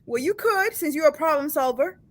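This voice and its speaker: A woman's voice: sits high, expressive, fairly quick, fairly bright tone. A woman chatting on a call-in show, speaking hesitantly and trailing off mid-thought. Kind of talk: casual call-in show talk.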